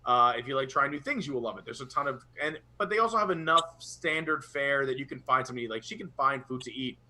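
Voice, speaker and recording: A man's voice: medium pitch, lively intonation, fast talker, pushed and bright, slight background noise. A young man co-hosting a casual live chat, talking with rambling enthusiasm. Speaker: podcast co-host.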